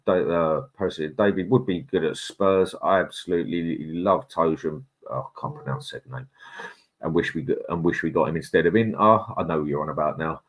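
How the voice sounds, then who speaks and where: A man hosting a casual football fan live stream, reading out viewer comments and giving his opinions in a conversational way. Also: extremely low pitch. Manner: opinionated, conversational, stumbles over names.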